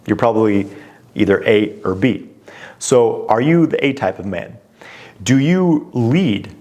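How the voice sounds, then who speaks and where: A man coaching on relationships, speaking straight to the viewer at an ordinary mid pitch. His delivery is direct and conversational, and he often poses pointed questions. Frequent "you know" fillers run through his talk. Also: darkish tone.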